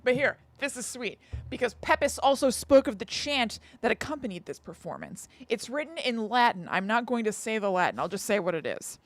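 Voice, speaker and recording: A woman's voice: fairly high pitch, expressive, a little fast. A woman co-hosting a podcast, chatting casually and reading an old text aloud, correcting herself and giggling. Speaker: podcast co-host.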